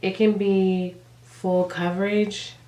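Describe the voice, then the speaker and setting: A young woman with a cold, sounding congested and raspy, chatting casually as a beauty vlogger and rambling with lots of fillers. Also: mid-range voice, little pitch movement, slow, warm tone, echoey room, far from the mic. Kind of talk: casual chat.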